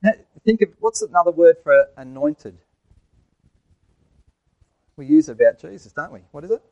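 A man's voice: fairly high pitch, animated, moderate pace, darkish tone, no room sound, highs cut off. A man preaching a sermon in church, asking the congregation questions and telling jokes.

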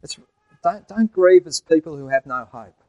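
Man preaching a lively sermon. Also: on the high side, moderate pace, no echo, poor audio. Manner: asks the congregation questions, tells jokes. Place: church.

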